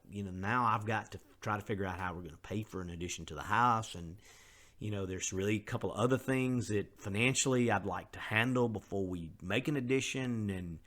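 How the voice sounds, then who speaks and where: A man's voice: lowish voice, a bit bright. A middle-aged man, hosting a podcast in an earnest, conversational way and openly admitting his faults. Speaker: podcast host. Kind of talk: candid motivational podcast monologue.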